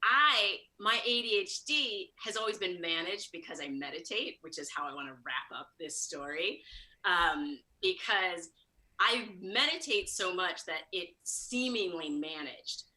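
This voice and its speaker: A woman comedian from Chicago telling a story at a fast, high-energy clip, acting out the quoted lines. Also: lively intonation, bright, forceful tone, poor audio. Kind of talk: live storytelling monologue.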